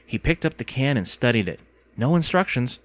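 A man narrating an audiobook with expressive storytelling. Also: mid-range voice, brisk, dry recording.

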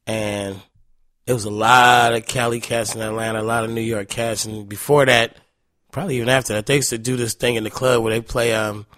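A man's voice: medium pitch, steady tone, a little fast, a bit bright, no echo, studio quality. A man guest telling casual, profane stories with frequent laughs. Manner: loose, profane, laughing anecdotes. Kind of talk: casual storytelling.

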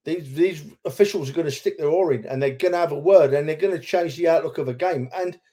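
A man's voice: fairly high pitch, fast talker, mellow. A man co-hosting a football podcast, talking with feeling and repeating himself for emphasis. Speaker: podcast co-host, football fan. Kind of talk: casual chat.

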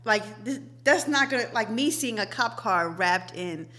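Bright-voiced young woman, slangy and laughing. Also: a little high, moderate pace. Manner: laughs often, slangy and animated. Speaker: podcast co-host. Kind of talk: casual chat.

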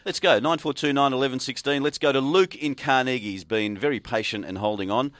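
A man's voice: mid-range voice, fairly quick, fairly bright tone, dry recording, clean studio sound. An Australian man hosting a sports radio show in casual, jokey banter, calling the breaks and taking callers. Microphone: studio microphone.

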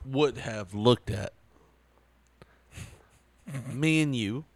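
A man's voice: medium pitch, extremely slow, dry recording. A man co-hosting a podcast in casual chat, drunk, giggly and rambling, smoking a cigar at the mic. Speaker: podcast co-host.

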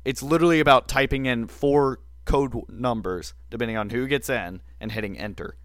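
Male sports-talk co-host, opinionated and wry, mid-pitched, close and dry. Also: a little fast, fairly bright tone, no echo. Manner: opinionated, wry, self-mocking asides. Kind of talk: casual sports debate.

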